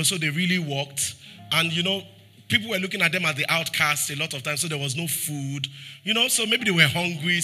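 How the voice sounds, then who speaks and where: A Nigerian man preaching a sermon as pastor, throwing rhetorical questions at the congregation and acting out scripture quotes. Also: slightly rough. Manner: acts out scripture quotes, dropping soft and low for pleading lines.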